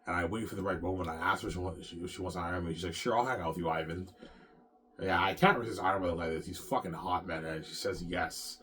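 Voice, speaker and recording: Low-voiced rambling man. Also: fairly even intonation, quick pace, hardly any pauses, a bit bright, a little hiss or hum. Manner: rambling, repetitive, tags lines with "man" and "obviously". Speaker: vlogger. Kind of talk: casual rambling monologue.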